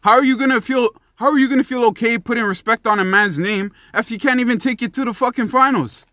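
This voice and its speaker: A young man rants about sports in a heated, swearing vlog voice. His voice sits high and sounds bright and forceful. The recording is dry and close. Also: fast talker, dry recording. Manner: profane, heated and emphatic. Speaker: sports commentary vlogger. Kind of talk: ranting sports commentary.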